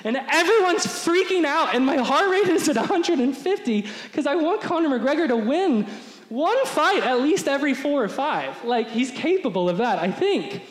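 A male pastor delivers a sermon in a high, bright-toned voice, animated and acting out crowd voices. His voice carries a long reverb, as if in a large church hall. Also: normal speed.

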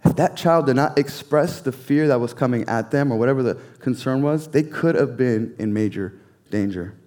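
A man preaching a sermon in an earnest, measured way, repeating key phrases and sometimes dropping to a near whisper. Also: medium pitch, darkish tone. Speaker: pastor.

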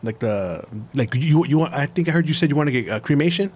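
A man's voice: a little high, expressive, a little mellow, husky. A middle-aged man from East Los Angeles, a podcast guest who tells stories in a rush, full of likes and restarts. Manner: rapid storytelling with many likes and restarts. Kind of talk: casual podcast conversation.

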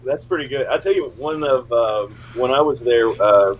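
A middle-aged man hosting an interview, a former player himself, telling stories with animated, high-voiced quotes. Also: normal speed, phone-quality sound, faint music behind. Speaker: podcast host, former player. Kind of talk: casual interview.

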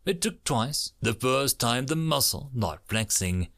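A man reading a science-fiction war story aloud with a dramatic, expressive delivery. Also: mid-range voice, measured pace, vocal fry.

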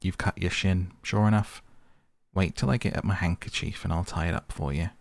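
A man voicing an energetic, impatient male water rat who gives orders, in a storybook reading. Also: deep voice, a little fast, gravelly, dry recording. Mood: kindly. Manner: impatient, commanding.

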